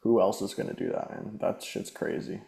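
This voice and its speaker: A man's voice: fairly low pitch, moderate pace, gravelly, mellow. A man co-hosting a casual fantasy football podcast, laid-back and swearing freely, laughing easily as he talks. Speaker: podcast co-host. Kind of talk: casual chat. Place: living in Australia.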